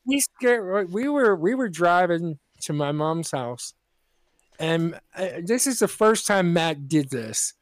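A man's voice: sits high, animated, slow, dry recording. A man co-hosting a podcast, telling rambling anecdotes in casual chat. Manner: rambling anecdotes with many restarts. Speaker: podcast co-host.

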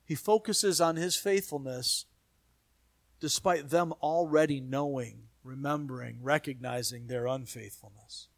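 A man preaching a sermon as pastor, building emphasis through repeated phrases and dropping to quiet asides. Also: medium pitch, measured pace, gravelly, no room sound.

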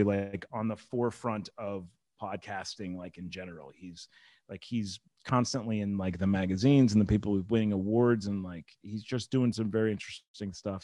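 A man's voice: fairly low pitch, warm tone, no echo. A man from North Carolina, a comedian guest chatting on a podcast, rambling and full of restarts. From Charlotte, North Carolina. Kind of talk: casual podcast conversation.

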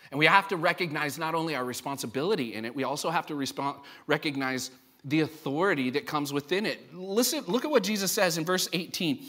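A man preaching a sermon to his congregation, lively and acting out the voices he quotes. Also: fairly high pitch, a little fast. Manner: animated, acts out quoted voices. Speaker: pastor. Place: church service before a congregation.

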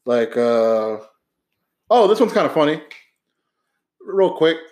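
A man's voice: a little high, big pitch swings, slow, darkish tone. A young man co-hosting a podcast, telling stories in a laid-back way and swearing freely. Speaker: podcast co-host. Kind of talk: casual chat.

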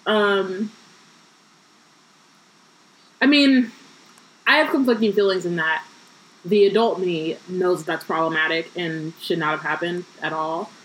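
A woman's voice: lowish voice, a little slow, fairly bright tone, rough recording. Young woman reading a book aloud, chatty. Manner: reads book passages aloud with asides and jokes. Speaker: podcast co-host.

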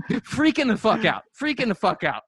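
A man with a high-pitched voice tells a rambling, profane story as a casual podcast host. He is recorded dry and close, with no room sound. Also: huge pitch swings, normal speed, a bit bright, husky, no echo.

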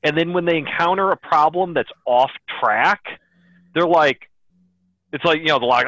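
A man's voice: a little high, moderate pace, bright, forceful tone, no room sound. Male podcast guest, thoughtful delivery with small stammers, dull dry mic. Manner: thoughtful, some self-correcting stammers. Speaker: game master. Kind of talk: casual podcast discussion.

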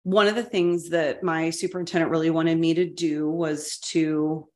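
A middle-aged woman talks through an old work story on a casual podcast. Her voice sits a little low, and she is candid and ready to laugh at her own mistakes. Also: little pitch movement, moderate pace, a little mellow, roomy sound. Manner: candid, self-deprecating, laughs at herself. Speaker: podcast co-host, former school superintendent.

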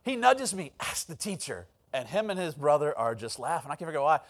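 Man, pastor, preaching, high-pitched voice, storytelling, quoted voices acted out. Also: big pitch swings, fast. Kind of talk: sermon.

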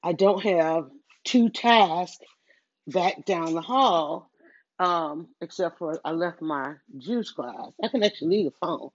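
A woman's voice: lowish voice, takes it slowly, dry recording, highs cut off. A middle-aged woman, talking casually and rambling while she does chores at home, interrupting herself and acting out her own thoughts. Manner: chatty, self-interrupting, storytelling with quoted self-talk. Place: at home, moving between rooms. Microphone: headset.

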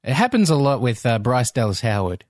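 A man's voice: mid-range voice, big pitch swings, a little fast, darkish tone, no echo, clean studio sound. A man co-hosting a podcast, chatting casually and making playful, joking asides. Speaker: podcast co-host. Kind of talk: casual chat.

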